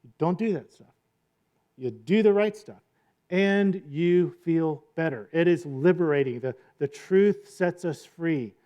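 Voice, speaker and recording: Male pastor preaching in a relaxed, talky style with a slightly high voice. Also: unhurried. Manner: conversational, asks "right?" often, acts out quotes. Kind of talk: sermon.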